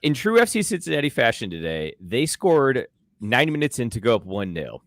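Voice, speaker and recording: A man's voice: mid-range voice, sing-song, moderate pace, no echo, clean studio sound. A man co-hosting a casual sports podcast, joking and swearing as he fumbles through silly accents. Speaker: podcast co-host.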